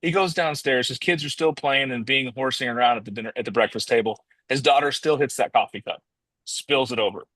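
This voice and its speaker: Man, motivational storytelling, casual rambling delivery, mid pitch, dry close recording. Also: fairly quick, fairly bright tone, no echo. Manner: casual and rambling, restarts often, addresses listeners as guys.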